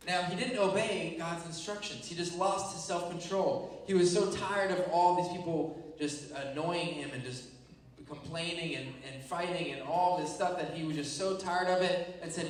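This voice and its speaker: A man leads a playful kids' Bible lesson, his higher voice animated as he keeps checking in with the room. He sounds far from the mic, with heavy echo all around. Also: normal speed. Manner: animated, playful storytelling with frequent check-ins. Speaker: Bible teacher.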